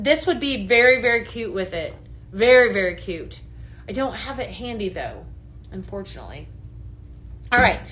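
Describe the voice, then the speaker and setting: A woman's voice: fairly high pitch, fairly bright tone. A woman consultant hosting a live product show, gushing and chatty, with lots of "just saying" and "right?". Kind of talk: upbeat live sales chat, reading viewer comments.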